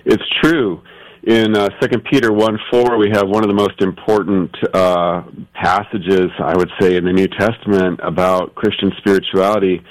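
A man speaks as an expert guest, walking through his points patiently and thoughtfully. He often pauses and restarts as he works out his phrasing. His voice sits a little low. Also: steady tone, low-quality recording. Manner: thoughtful, explains patiently with many fillers and restarts. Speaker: guest scholar. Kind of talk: explanatory interview answers.

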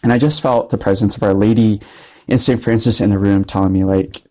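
A young man who serves as a Catholic priest, speaking in an easy, conversational way during an interview. His voice sits somewhat low, and his delivery is earnest and reflective, with plenty of loose filler words as he tells his story. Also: steady tone, fairly quick, warm tone, dull audio.

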